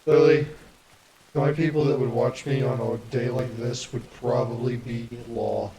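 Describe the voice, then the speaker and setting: A man's voice: medium pitch, little pitch movement, normal speed, dark tone, low-quality recording. A man hosting a casual gaming stream, joking crudely with a friend. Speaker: streamer host. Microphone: desk microphone.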